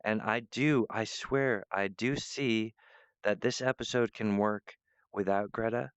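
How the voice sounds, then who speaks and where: Gravelly low-voiced man rambling to camera. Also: fairly even intonation, a little slow, dry recording, dull audio. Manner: meandering, restarts often, apologetic asides. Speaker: vlogger.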